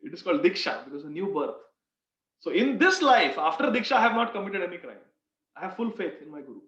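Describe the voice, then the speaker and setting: A man's voice: high-pitched, big pitch swings, fast, a bit bright, reverberant, distant mic, dull audio. A man playing an earnest, sincere devotee. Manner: earnest, plain-spoken. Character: calm, sincere male devotee, former thief.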